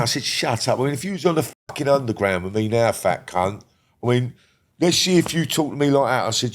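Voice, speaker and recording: A middle-aged man telling stories as an interview guest, swearing often and speaking in a heated, emphatic way. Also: mid-range voice. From Britain. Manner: heated, profane, emphatic storytelling. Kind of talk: casual storytelling.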